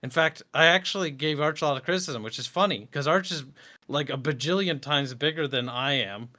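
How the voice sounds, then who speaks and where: A man with a Midwestern accent chats as an interview guest. His voice sits a little high, and he talks in an animated, blunt way, breaking into laughter and swearing freely. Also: a little fast. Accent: American Midwestern. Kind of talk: casual interview chat.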